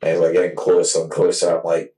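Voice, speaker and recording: A man's voice: sits low, monotone, fast talker, dark tone, far from the mic, low-quality recording. A man in his twenties co-hosting a podcast, telling a long rambling story in casual chat and swearing freely. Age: 20s. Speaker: podcast co-host.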